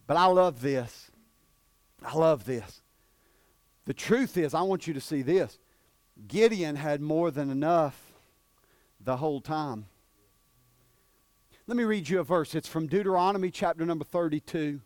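A male preacher, delivering a sermon that swings between shouted peaks and hushed, drawn-out passages. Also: a little high, dry recording.

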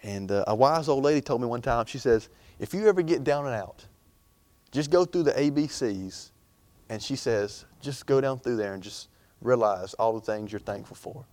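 A man's voice: lowish voice, normal speed, darkish tone, no room sound. A young man preaching an informal sermon in a chatty, rambling way, full of fillers and restarts.

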